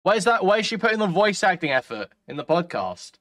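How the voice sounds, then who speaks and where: A man's voice: high-pitched, very animated, fairly quick, fairly bright tone. A man doing live-stream reaction commentary, ranting and profane with a sardonic edge.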